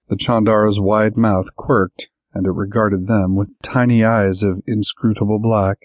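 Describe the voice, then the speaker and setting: A man narrating a science-fiction audiobook in a measured, even storytelling manner on a close studio mic. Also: fairly low pitch, dry recording. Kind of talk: scripted narration.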